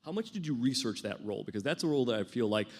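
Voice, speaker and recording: A man hosting an interview talks at a quick clip in a mid-range voice. He strings his questions together and often praises his guest as he asks. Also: mid-range voice, expressive, a little mellow. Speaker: interview host.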